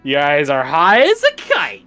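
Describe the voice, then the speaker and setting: Young man, game master, animated pitch, bright tone, faint music behind. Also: a little slow. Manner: lively, laughs often, teasing. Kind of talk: running a tabletop game over voice chat.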